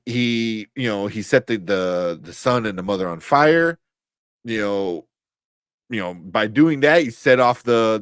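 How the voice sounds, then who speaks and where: A man chats loosely on a live show, piling up fillers and restarting his sentences as he laughs along. His voice sits on the low side. The sound is dry and close to the mic. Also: fairly bright tone, no echo. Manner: rambling, many fillers and restarts, laughs often. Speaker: podcast co-host reading chat. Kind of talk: casual live-stream chat.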